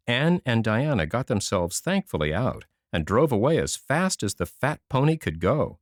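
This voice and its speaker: A man narrating a classic children's novel in an expressive, measured reading voice. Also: fairly low pitch, no room sound, clean studio sound. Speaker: audiobook narrator. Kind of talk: scripted storybook narration.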